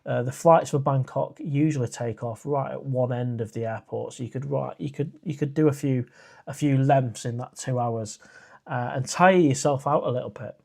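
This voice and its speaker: A man's voice: mid-range voice, moderate pace, vocal fry, a little mellow. Chatty man hosting a live stream. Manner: chatty and rambling, with frequent "uh" and restarts. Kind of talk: casual live stream chat, reading viewer comments.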